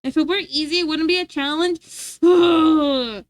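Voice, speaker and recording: A woman's voice: high voice, measured pace, no room sound. A woman streamer chatting casually and playfully with her live chat, laughing often.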